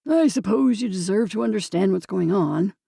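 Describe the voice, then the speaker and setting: A woman voicing a gruff, protective older mailman who speaks curtly. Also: mid-range voice, expressive, normal speed, mellow, dry recording, clean studio sound, exaggerated voice. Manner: gruff, curt.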